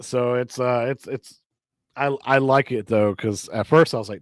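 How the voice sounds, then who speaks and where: A man's voice: medium pitch, normal speed, no room sound. A man with a mid-range voice co-hosts a casual show, voicing firm opinions and asking his partner questions. The recording is close and dry. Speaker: podcast co-host. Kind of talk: casual chat.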